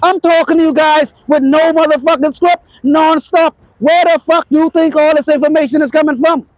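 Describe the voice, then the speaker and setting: A man's voice: very high-pitched, steady tone, normal speed, no room sound, rough recording. A man ranting unscripted to camera with boastful, profane, emphatic dating advice.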